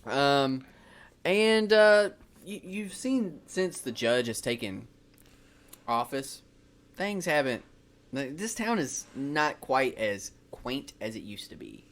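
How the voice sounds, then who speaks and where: Male game master, casual and rambling, animated pitch. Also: takes it slowly. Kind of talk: narrating a tabletop game.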